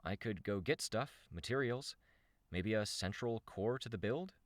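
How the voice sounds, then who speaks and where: A man's voice: on the low side, animated, measured pace, no room sound, voice pushed up. A man voicing a guarded, impatient young woman hero in an audiobook reading, with earnest, terse questions. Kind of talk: audiobook character voice.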